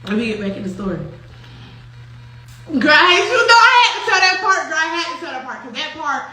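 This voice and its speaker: A young woman hosting a show, telling a story in casual, profane, animated talk with frequent laughter. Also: high voice, brisk, soft background music. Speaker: host. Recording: very echoey room with faint noise.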